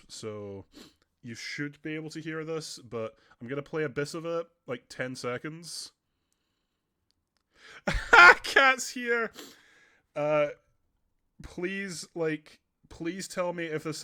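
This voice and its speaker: A man's voice: on the high side, moderate pace, a bit bright. Chatty young man with a runny nose. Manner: rambling, chatty, often laughing. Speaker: streamer. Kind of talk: casual livestream chat. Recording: faint background music.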